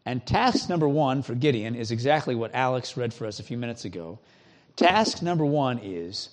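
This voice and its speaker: A man preaching a sermon as a pastor, speaking in an earnest, conversational way with emphatic pauses. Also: medium pitch.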